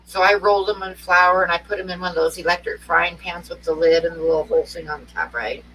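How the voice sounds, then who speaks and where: A woman chatting casually, telling relaxed stories with dry asides. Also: lowish voice, fast. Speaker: co-host. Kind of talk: casual chat. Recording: distant from the mic with faint hum.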